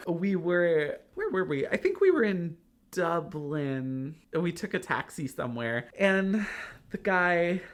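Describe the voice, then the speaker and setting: A man's voice: fairly high pitch, fairly bright tone. A man co-hosting a podcast in casual chat, telling rambling, self-deprecating stories and laughing often between phrases. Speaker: podcast co-host.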